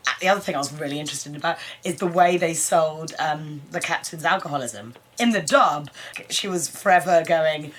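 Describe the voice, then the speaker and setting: A woman, chatting casually on an anime review show and acting out lines in high voices. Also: a little fast, fairly bright tone. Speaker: co-host of an anime review channel.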